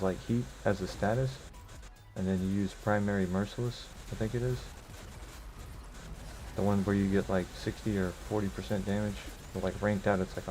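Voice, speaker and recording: Laid-back low-voiced man streaming a game. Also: darkish tone, a little hiss or hum, low-quality recording. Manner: rambling and loose, with lots of "like" and "bro"; chuckles often while talking. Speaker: gaming streamer. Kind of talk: casual live-stream chat while playing.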